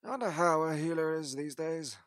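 A man's voice: fairly high pitch, brisk, fairly bright tone, dry recording, studio quality, lightly acted. A man playing the Doctor as a grave, weary time-traveller in a fan audio drama, speaking emphatically.

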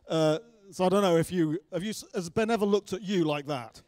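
A man's voice: high voice, fairly quick, few pauses, a little mellow. A man giving a guest sermon in a church hall, chatty and joking with asides. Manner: jokey and chatty, self-deprecating asides. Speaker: guest preacher.

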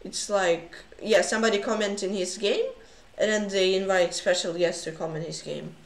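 Excitable woman streaming chess, roomy echo. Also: mid-range voice, moderate pace. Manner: excitable, frequent gasps and exclamations. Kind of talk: casual livestream commentary.

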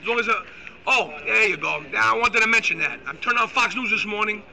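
Excitable ranting man with a bright high voice. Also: brisk, gravelly, a little hiss or hum, rough recording. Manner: loud, excitable, profane, insulting. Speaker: host. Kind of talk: live-streamed political rant.

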